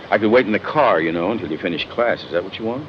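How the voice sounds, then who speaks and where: An actor playing a worried man gently coaxing a girl, in 1970s film dialogue. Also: lowish voice, animated, fast talker, a little hiss or hum, lightly acted. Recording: dull old film soundtrack.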